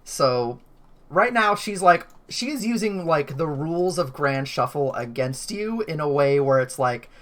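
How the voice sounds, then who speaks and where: A woman's voice: deep voice, expressive, measured pace. Rambling woman game master. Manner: rambling, thinks aloud with many fillers. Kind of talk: running a tabletop game.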